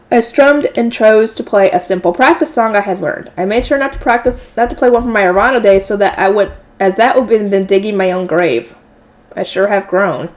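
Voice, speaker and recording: A woman's voice: mid-range voice, expressive, a little fast, a little mellow. A woman reading a light novel aloud in a casual way, correcting slips and adding offhand asides. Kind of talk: casual read-aloud narration.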